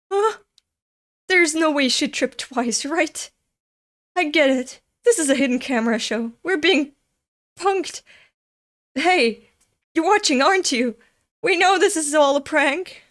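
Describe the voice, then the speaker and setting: A woman from Europe hosting a casual comic reaction, excitable and prone to giggling fits. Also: sits high, slow pace, pauses often. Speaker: manga reaction host.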